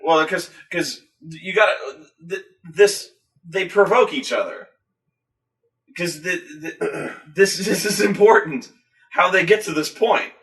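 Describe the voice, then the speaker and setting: A man in casual chat, excitable and profane, recapping a film with stammering restarts and acted-out grunts. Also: sits high, takes it slowly. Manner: excitable, acts out scenes with loud grunts and shouts. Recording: voice from a distance from the mic.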